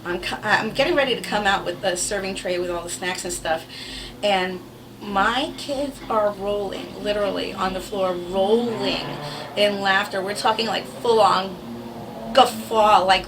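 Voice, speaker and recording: A woman's voice: medium pitch, measured pace, recorded from a distance, noisy background. A woman telling stories about her kids to camera in a casual, wry way, swearing freely. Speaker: vlogger telling family stories.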